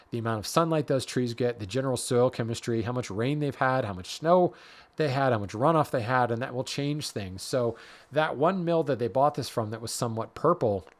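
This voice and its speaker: A man hosting a woodworking podcast, explaining wood grading and color in a casual, self-deprecating way that often restarts mid-sentence. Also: mid-range voice. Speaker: podcast host, hardwood lumber expert.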